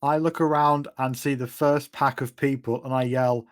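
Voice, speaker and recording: A man calmly narrates his character's moves in a tabletop game. His mid-pitched voice is plain and matter-of-fact. The sound is dry and close. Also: normal speed, no room sound. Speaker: player.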